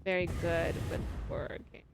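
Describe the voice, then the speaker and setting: A woman's voice: normal speed, noisy background. A young woman streamer commentating a horror game live, easily startled, swearing and talking to chat. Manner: jumpy, swears, talks to chat.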